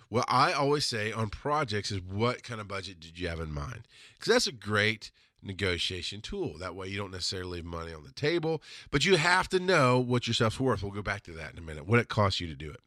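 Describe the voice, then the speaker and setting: A man's voice: lowish voice, bright, forceful tone, no echo, clean studio sound. A man hosting a podcast, talking casually and giving mentoring advice through personal stories. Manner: chatty and mentoring, tells stories and acts out customers. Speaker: podcast host.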